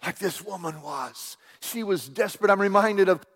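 A man, preaching a sermon with stammering restarts, swinging between loud cries and hushed whispers. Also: high voice, moderate pace, husky. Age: 60s. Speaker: pastor. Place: church sanctuary. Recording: long hall reverb in a church.

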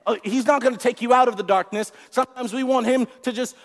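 A man preaching a sermon in an animated way, repeating words and asking the congregation questions. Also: sits high, brisk, hardly any pauses. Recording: long hall reverb.

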